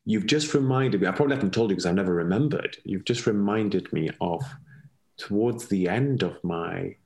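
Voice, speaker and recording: A man's voice: fairly low pitch, moderate pace, a little mellow. A man with a European accent, talking reflectively as an interview guest, often laughing and repeating words while he searches for them. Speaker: interview guest, former ballet colleague and mentor. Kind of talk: reflective conversational storytelling.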